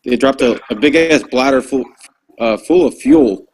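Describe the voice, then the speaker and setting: A former Marine corporal, here as a guest, tells war stories in a casual, profane chat, animated as he goes. His mid-range voice is slightly rough at normal speed, and the audio is poor.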